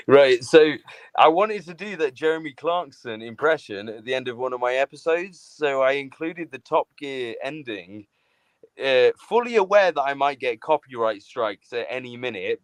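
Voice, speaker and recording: A man's voice: medium pitch, no echo. A man on a video call chatting casually on a live stream, laughing often, swearing freely and slipping into impressions. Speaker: guest, fellow channel host.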